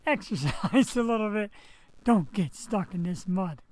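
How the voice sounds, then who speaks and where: A man's voice: high voice, expressive, a little slow, a little mellow, no room sound, low-quality recording. A man hosting his live internet show from home on a headset mic. He rambles in a loose, chatty way, tossing in jokey asides. He's recovering from surgery. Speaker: host. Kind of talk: casual live web show chat. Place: home setup, streaming.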